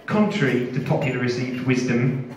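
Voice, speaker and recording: A man performing a stand-up comedy set, telling a deadpan story that builds up to shouting. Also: mid-range voice, moderate pace, dull audio, a little hiss or hum. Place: festival stage. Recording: echoey room from far off.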